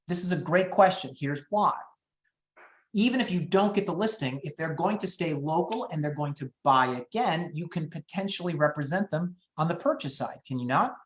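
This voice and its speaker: High-energy man teaching real estate scripts. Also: a bit bright, echoey room. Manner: high-energy, upbeat and quick-moving. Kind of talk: training webinar talk.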